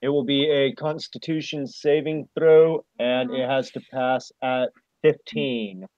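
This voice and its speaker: A man playing in a tabletop game, explaining his next move haltingly with fillers. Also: mid-range voice, steady tone, a little mellow. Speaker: player. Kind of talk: casual tabletop game chat. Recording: dull lo-fi audio.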